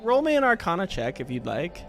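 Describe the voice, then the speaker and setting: A man narrating as game master of a tabletop role-playing game, relaxed and amused. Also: sits high, fairly quick, gravelly, faint music behind.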